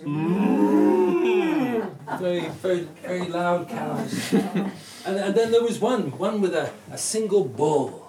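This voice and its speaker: A man's voice: high-pitched, very animated, slow pace, pauses often, echoey room, background noise. A man with a Cornish accent, telling a rambling, chuckling story in a group chat. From Cornwall. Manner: rambling, chuckling anecdote teller.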